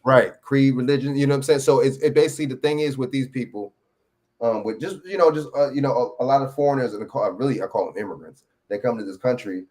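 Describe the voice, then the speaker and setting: A man's voice: medium pitch, quick pace, a little mellow. A man joining a live stream as a guest, explaining at length and often checking that he's understood. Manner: rambling, frequent you know what I'm saying. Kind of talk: casual conversation.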